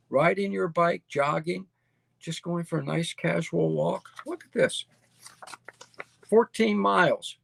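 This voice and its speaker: A man's voice: on the high side, vocal fry, slightly rough, dry recording. A middle-aged man hosting a show, talking casually and enthusiastically as he walks viewers through a listing on screen, often tagging lines with "okay?" and repeating himself. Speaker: host. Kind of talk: casual screen-share presentation.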